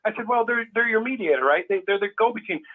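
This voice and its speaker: A man's voice: high voice, lively intonation, fast talker. A man on a phone-in talking emphatically, repeating his points and acting out the people he quotes. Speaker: caller. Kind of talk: animated phone-in chat. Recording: tinny phone line.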